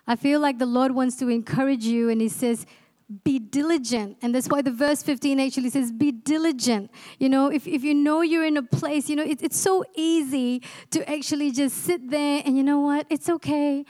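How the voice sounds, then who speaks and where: A woman in her forties preaches a sermon in church, passionate and exhorting, and puts rhetorical questions to the congregation. Her voice is high with a warm tone.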